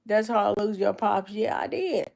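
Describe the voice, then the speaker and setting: A woman's voice: mid-range voice, normal speed, gravelly, darkish tone. A nineteen-year-old woman with a cold and a stuffed-up nose, rambling in casual chat with her viewers on a livestream. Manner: rambling, answering chat comments.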